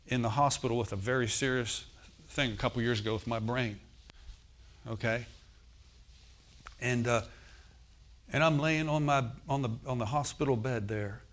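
A male pastor preaching a sermon, calling to the congregation and swinging from loud emphatic lines to soft, intimate ones. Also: mid-range voice. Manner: preaching with call-and-response asides.

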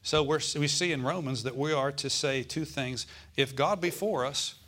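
A man preaching a sermon as pastor, calling out to the congregation and slowing down to stress scripture verses. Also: on the high side, fairly bright tone. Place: church.

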